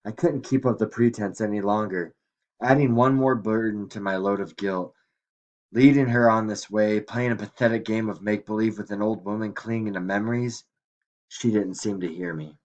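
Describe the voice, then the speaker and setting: Quiet, reflective male story narrator. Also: lowish voice, steady tone, moderate pace, highs cut off. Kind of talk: audiobook reading.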